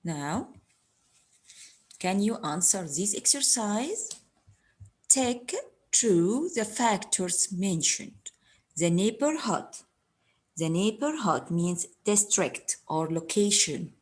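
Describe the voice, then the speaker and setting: A woman teaching an English lesson, slowly repeating words and giving their meanings. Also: medium pitch, expressive. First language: Arabic. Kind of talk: recorded classroom lesson.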